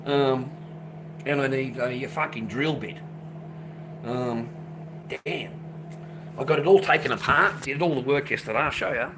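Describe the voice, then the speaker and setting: A man talks straight to the camera in a loose, profane rant. He circles back to the same points again and again. His voice sits at an ordinary middle pitch, with steady background noise behind him. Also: a little slow, long pauses. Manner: profane, ranting, repeats himself. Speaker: vlogger. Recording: noisy background.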